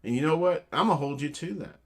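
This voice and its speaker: A man's voice: on the high side, fast, fairly bright tone. A man hosting a casual show, joking around and giving motivational tips, calling his listeners family. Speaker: host.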